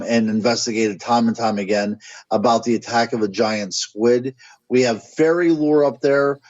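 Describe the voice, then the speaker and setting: Radio guest, American man, husky, speculative and halting, dull lo-fi sound. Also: mid-range voice, a little mellow, no echo. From United States. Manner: musing, speculative, searches for words. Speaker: guest author and paranormal researcher. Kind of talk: radio interview answers.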